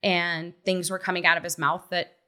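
A woman in her thirties telling a personal story in casual chat, acting out quotes with lively shifts. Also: on the low side, normal speed. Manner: animated storyteller who acts out quotes. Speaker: guest, mother.

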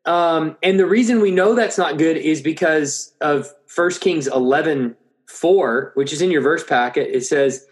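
A man's voice: fairly high pitch, a little slow. A man preaching an expository Bible lesson, thinking aloud with frequent restarts.

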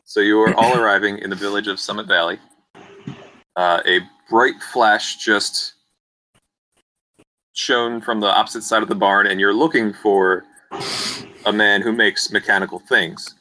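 A man narrating a tabletop game as game master in a relaxed, joking way. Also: fairly low pitch, unhurried, pauses often, low-quality recording.

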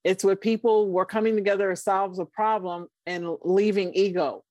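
A woman's voice: mid-range voice, steady tone, normal speed, warm tone, no room sound. A woman co-hosting a casual chat, making her points firmly and asking pointed questions. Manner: emphatic, coaching tone, asks pointed questions.

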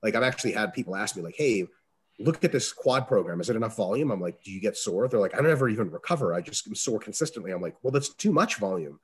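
A man answering interview questions as a strength coach, talking casually, with salty language and lively acted-out quotes. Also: lowish voice, fast, breathy edge. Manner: profane, animated, acts out quoted dialogue.

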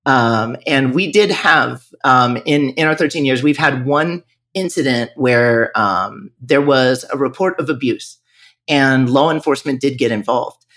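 Male studio owner, podcast guest, candid and halting, medium pitch. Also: fairly bright tone. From northern Virginia. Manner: candid, reflective, frequent restarts and fillers. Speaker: music school owner. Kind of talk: podcast interview.

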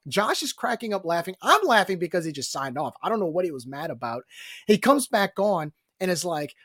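A man from New Orleans, co-hosting a casual sports podcast and telling stories in an animated, joking way. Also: sits high, brisk, husky, no echo, studio quality. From New Orleans, Louisiana. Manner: animated, jokey storyteller. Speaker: podcast co-host.

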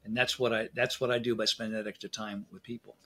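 Now his voice is lowish and fairly bright, with little pitch movement and a fast delivery. The middle-aged dental specialist keeps up casual interview talk, acting out conversations within his anecdotes.

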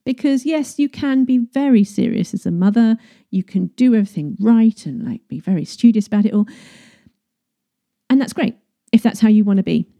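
A woman, a parenting coach giving casual advice, chatty and quick to laugh. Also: a little high, mellow. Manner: chatty, laughs often, restarts phrases.

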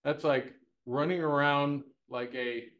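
A man teaching the Bible to a live group in a conversational way, lively and folksy, asking many rhetorical questions with homespun humor. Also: fairly high pitch, takes it slowly, muffled recording.

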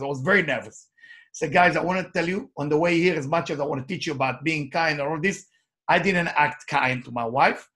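Male life coach, high voice, emphatic motivational storyteller, non-native English phrasing. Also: a bit bright. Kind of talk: motivational talk with personal stories.

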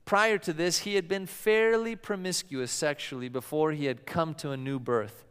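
A man's voice: on the high side, fairly even intonation, moderate pace, fairly bright tone, clear, resonant tone. A man preaching a sermon as pastor, telling stories and acting out the voices of the people in them. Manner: storytelling preacher who acts out quoted voices. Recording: long hall reverb.

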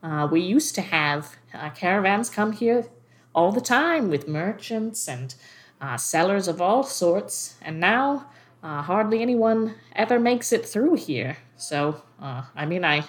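A woman voicing an elderly male innkeeper, a retired adventurer, speaking slowly and haltingly with many pauses. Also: lowish voice, very animated. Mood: weary, pleading. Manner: slow, halting, full of pauses. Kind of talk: tabletop game character voice.

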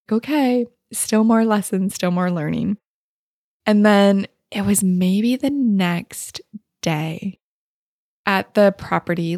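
A woman hosting a podcast, telling a personal story in a casual, animated way with frequent laughter. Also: medium pitch, gravelly, no room sound, clean studio sound. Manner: animated, laughing often, voices others in quotes. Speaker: podcast host.

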